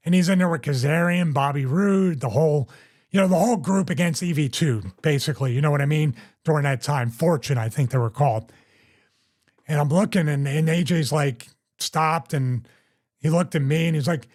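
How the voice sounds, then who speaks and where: A man's voice: on the high side, animated, moderate pace. A middle-aged man hosting a podcast, casually telling a story and acting out other people's quotes in raised voices.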